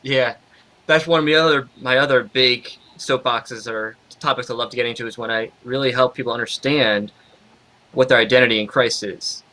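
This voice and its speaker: A man who works as a Christian therapist, chatting as a guest and telling stories in a lively way. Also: medium pitch, normal speed, poor audio. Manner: lively storyteller, laughs easily. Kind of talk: casual chat.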